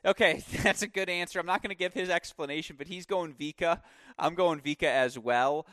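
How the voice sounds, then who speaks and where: A man hosting a tennis podcast, giving a rambling, animated solo preview with asides and self-corrections. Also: fairly high pitch, fairly quick, dry recording.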